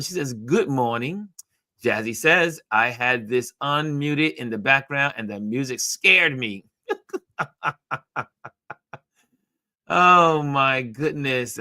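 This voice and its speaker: A man's voice: medium pitch, bright, forceful tone, no echo, clean studio sound. A man hosting a live online show, chatting casually and reading out viewer comments, often repeating phrases for emphasis. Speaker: livestream show host.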